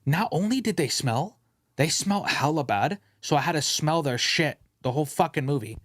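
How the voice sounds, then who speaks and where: A young man rants through a casual podcast story, animated and loose, full of slang and swearing. His voice sits a bit high for a man. The sound is dry and close, with no room around it. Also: moderate pace, no echo. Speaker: podcast co-host.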